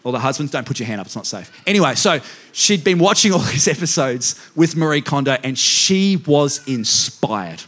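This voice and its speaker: A man's voice: medium pitch, big pitch swings, moderate pace, a bit bright. A man pastor giving a humorous sermon in a church, self-mocking and speaking directly to the congregation. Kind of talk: humorous sermon with personal stories.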